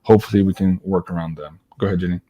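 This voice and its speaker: A man's voice: deep voice, fairly even intonation, racing, warm tone. A man hosting a live stream, chatting casually with many fillers and frequent laughs. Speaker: host.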